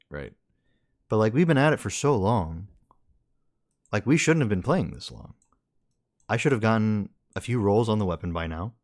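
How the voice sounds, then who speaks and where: Exasperated male streamer ranting, lively pitch. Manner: exasperated, repetitive venting. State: tired. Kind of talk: frustrated gaming rant.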